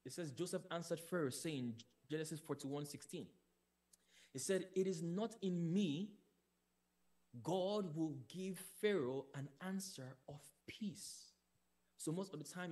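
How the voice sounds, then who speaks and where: A man's voice: fairly high pitch, darkish tone. A man preaching a sermon, repeating phrases emphatically and quoting scripture verse by verse. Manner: emphatic, repetitive, rising on key declarations.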